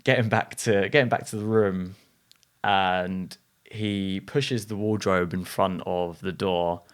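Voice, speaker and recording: A man's voice: deep voice, steady tone, takes it slowly, smooth. A man, a guest telling a rambling anecdote in casual chat, full of slang and fillers. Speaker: interview guest. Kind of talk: casual storytelling.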